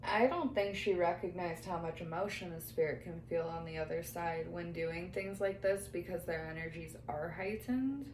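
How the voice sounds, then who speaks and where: Speaking at a moderate pace with hardly any pauses, a woman with a lowish, darkish voice works as a medium, quoting what a spirit says during a reading and occasionally laughing. The recording has an echoey room and faint background noise.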